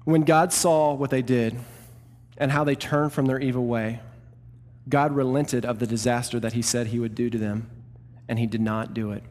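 A male pastor preaching a sermon, swinging between loud emphatic peaks and quieter asides. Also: medium pitch, steady tone, moderate pace. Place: church hall. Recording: reverberant church hall.

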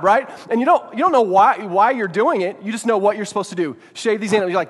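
A man gives a sermon in a relaxed, conversational way, checking in with his listeners again and again. His voice sits fairly high for a man. The sound carries a long reverb, like a large hall. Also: rapid-fire, few pauses. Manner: conversational, keeps asking "right?" to check in. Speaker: pastor.

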